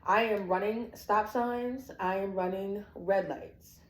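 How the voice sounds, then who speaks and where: Speaking slowly in a mid-range voice, a woman shares a personal family story and animatedly performs the dialogue she quotes. The room is echoey and there's background noise.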